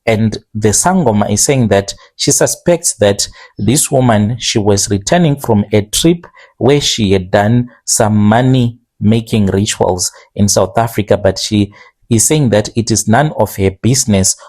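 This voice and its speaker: A man telling a strange first-person confession in a plain, steady way, slowing down now and then on careful phrases. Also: on the low side. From Zimbabwe. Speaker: confession storyteller.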